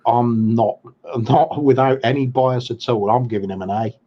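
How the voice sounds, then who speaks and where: A man co-hosting a casual football chat, pausing often with ums and restarting his sentences. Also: medium pitch, dull audio. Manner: hesitant, lots of ums and restarts. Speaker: podcast co-host.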